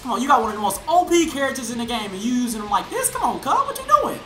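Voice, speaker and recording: A woman's voice: fairly high pitch, lively intonation, rapid-fire, soft background music. A young woman hosting a gaming channel, giving hyped, slangy live commentary on her matches and calling out opponents. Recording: roomy room sound.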